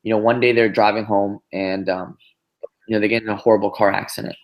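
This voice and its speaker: A man giving a motivational business talk on a group call, telling a story in an animated way with lots of "you know" and "right?". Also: on the low side, quick pace, dull audio. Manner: animated storyteller, many fillers and tag questions. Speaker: business trainer.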